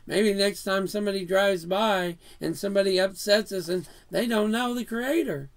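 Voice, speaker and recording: A man's voice: high voice, moderate pace, creaky. A man preaching an earnest sermon in a house of worship, reading scripture verses aloud.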